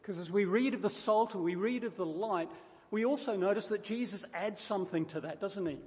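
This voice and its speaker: A man's voice: high voice, fairly quick, hardly any pauses, darkish tone, in a large hall. A man preaching a sermon, driving his points home through repetition and emphatic stress, often restarting words mid-phrase.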